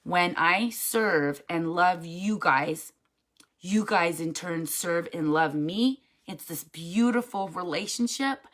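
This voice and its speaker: A woman's voice: on the low side, slow pace, a bit bright. Emphatic, chatty woman giving motivational tips. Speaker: network marketing team leader. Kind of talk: casual motivational talk.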